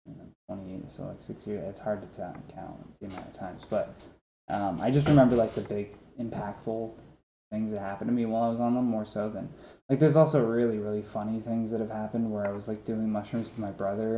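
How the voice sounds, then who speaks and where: A man in his twenties, a guest on a podcast, speaks in a warm, somewhat low voice. He tells meandering stories packed with fillers in a casual chat, and he struggles with his s sounds. The recording sounds roomy and dull, lo-fi with faint noise.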